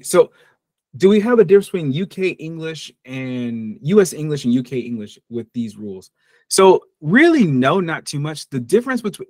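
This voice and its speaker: A man's voice: mid-range voice, a little mellow, no room sound, clean studio sound. Casual American man teaching English. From United States. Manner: casual and jokey, acts out short example dialogues. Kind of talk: online English lesson.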